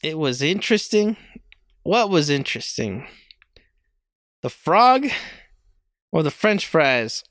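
A man's voice: a little high, very animated, takes it slowly, pauses often, fairly bright tone, no echo, studio quality. A young man hosting a podcast alone, rambling casually, mocking himself and laughing often. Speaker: podcast host.

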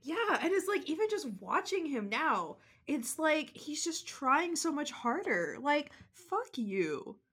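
A woman co-hosting a casual sports podcast, talking in a chatty way with lots of "like" and quick "mm-hmm" backchannels. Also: sits high, sing-song, sharp tone. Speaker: podcast co-host.

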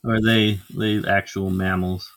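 A man's voice: low-pitched, little pitch movement, measured pace, a bit bright, dry recording. A man co-hosting a podcast, reading out a news story and chatting crudely and jokingly. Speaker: podcast co-host. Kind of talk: casual chat.

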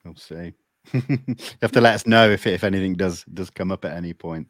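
A man's voice: low voice, fairly quick, no room sound, clean studio sound. A man hosting a casual interview, asking questions hesitantly with many fillers and false starts. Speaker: podcast host.

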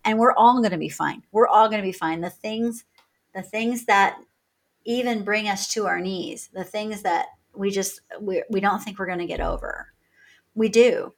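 A woman's voice: medium pitch, moderate pace. This is a woman in conversation, talking with energy and humor. She laughs easily and jumps into little acted-out bits of dialogue as she tells her stories. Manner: energetic, laughs often, acts out quoted dialogue. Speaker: podcast guest. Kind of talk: animated conversational storytelling.

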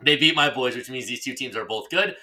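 A man's voice: medium pitch, fairly quick, sharp tone. A man co-hosting a podcast in casual chat, joking and ranting. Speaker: podcast co-host.

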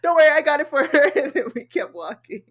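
A woman's voice: high-pitched, sing-song, fast talker. A young woman co-hosting a podcast in casual chat, blunt and teasing, swearing freely. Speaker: podcast co-host.

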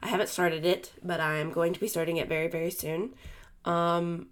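A woman's voice: fairly low pitch, steady tone, a little fast. A woman co-hosting a book podcast, talking in a casual, chatty way full of fillers and restarts.

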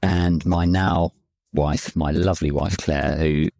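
A man, a songwriter in a band, talking in a halting, emotional way, often repeating words. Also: rumbling low, fairly even intonation, a little mellow. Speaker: lyricist and singer in a band. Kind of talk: reflective podcast chat.

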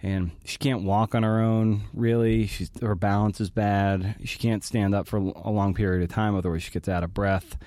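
Halting, low-voiced male podcast host. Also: steady tone, mellow, no room sound. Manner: halting and emotional, with many restarts. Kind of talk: personal monologue.

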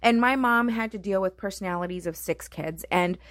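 A middle-aged woman talks through her experience of motherhood in a heartfelt monologue. Her delivery is earnest and reflective, dotted with "you know" and "right?". Her voice sits at an ordinary pitch and is recorded dry and close. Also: brisk, fairly bright tone, dry recording.

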